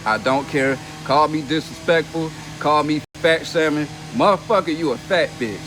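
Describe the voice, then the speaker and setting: A man's voice: fairly high pitch, moderate pace, over music. A young man on a casual livestream, reading comments aloud and mocking them in a brash, profane way, laughing between lines. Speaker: reality TV personality reading comments on a live stream.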